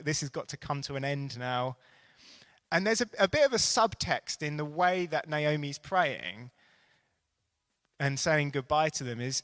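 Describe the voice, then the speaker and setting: A man preaching a sermon in a bright, forceful voice that sits a little high. He retells the story earnestly, then builds to animated emphasis.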